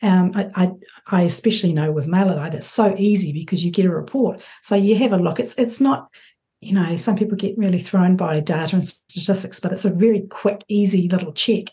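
Measured woman with a mellow voice. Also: fairly low pitch. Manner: measured, agreeable, explaining. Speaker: podcast co-host. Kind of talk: casual chat.

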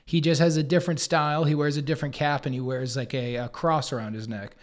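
A man in his forties tells stories in a loose, chatty interview. He jumps into other people's voices as he goes, animated and quick to rise in pitch. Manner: animated, acts out others' lines in quotes. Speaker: podcast co-host and guest. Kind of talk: casual storytelling chat.

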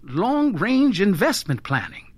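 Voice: medium pitch, sing-song, unhurried, no echo. A narrator voicing a meek, nervous family man who speaks hesitantly and vaguely. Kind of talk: audiobook character voice.

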